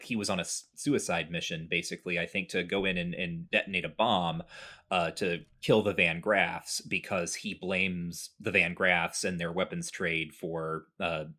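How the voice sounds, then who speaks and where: A man casually recounting a video game playthrough to a co-host, briefly acting out the characters' lines. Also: low-pitched. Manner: relaxed storytelling, acts out characters' lines. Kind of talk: casual chat.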